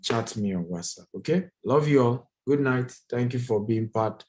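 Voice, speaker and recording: A man's voice: mid-range voice, a little fast, a little mellow, slight background noise. A man hosting a live investment training, talking straight to his viewers, emphatic and repetitive as he answers their comments.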